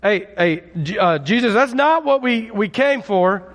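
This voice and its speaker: A man's voice: high voice, expressive, unhurried, fairly bright tone, long reverb tail. A man voicing a group of bewildered male friends who protest in casual bro-talk. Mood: exasperated. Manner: exasperated, rambling protest.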